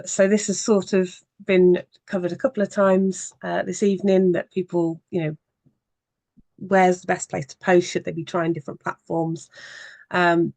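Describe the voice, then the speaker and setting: Gravelly-voiced social media trainer. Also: medium pitch, darkish tone, dry recording. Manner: conversational, explanatory teaching with frequent pauses. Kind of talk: evening workshop presentation.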